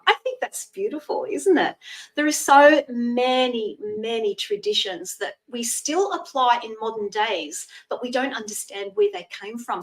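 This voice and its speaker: Woman in her 60s, live-stream psychic host: chatty and explanatory, slightly high pitch, recorded a bit off-mic. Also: far from the mic, poor audio. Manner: chatty, thanks viewers by name, explains traditions.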